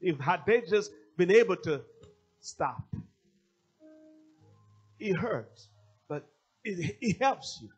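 A man's voice: high voice, animated, slow, pauses often, breathy edge, muffled recording, soft background music. A male pastor preaching a sermon, emphatic and repeating his key phrases.

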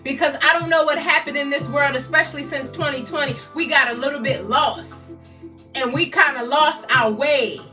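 A woman in her fifties from the United States, a motivational speaker giving a loud, exhorting live-stream talk that keeps repeating rallying phrases. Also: sits high, normal speed, far from the mic, faint music behind. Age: 50s.

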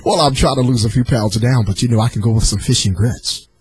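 A man's voice: mid-range voice, fast, a little mellow, breathy edge. A man hosting a radio talk show, interviewing a caller in a friendly, affirming way. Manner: friendly, affirming, says "I know that's right". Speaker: radio host.

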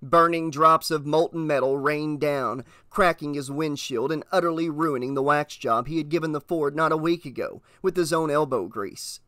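A man narrating an audiobook in a steady, measured reading voice. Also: fairly high pitch, dry recording, clean studio sound.

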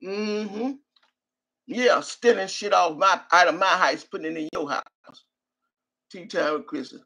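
A woman's voice: lowish voice, a little slow, fairly bright tone. Older woman ranting on a live stream. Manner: trash-talking, cursing, reads out viewer names. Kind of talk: profane live-stream rant.

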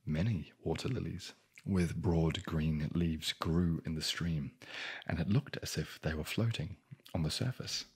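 A man whispering a bedtime fairy tale as an ASMR sleep story into a close microphone, soft-spoken, with wry joking asides. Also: a bass voice, measured pace, husky.

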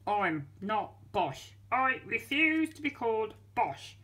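A woman voicing a grumpy small minion toy who grumbles loudly about his name. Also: a little high, big pitch swings, slow pace, heavily acted.

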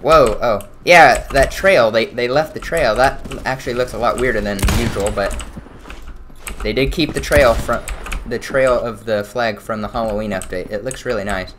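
A young man casually commenting on his own shooter gameplay, excitable and quick to burst out loud. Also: medium pitch, noisy background. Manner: excitable, swings to loud outbursts. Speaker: gaming channel host.

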